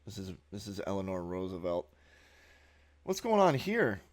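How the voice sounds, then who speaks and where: A man's voice: deep voice, sing-song, normal speed. A man giving a sneering, profane monologue while narrating a slideshow as a video host.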